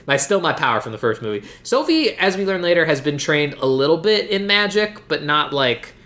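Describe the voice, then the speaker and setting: A podcast host recapping a movie in casual chat, a chatty storyteller who acts out lines in quick voices. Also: medium pitch, sing-song, fairly bright tone.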